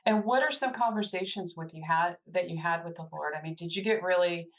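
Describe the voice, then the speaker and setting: A woman hosting a faith podcast, with a somewhat low voice. She asks her guest questions in an encouraging, conversational way. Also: fairly quick. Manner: warm, encouraging interviewer. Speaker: podcast host. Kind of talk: conversational interview.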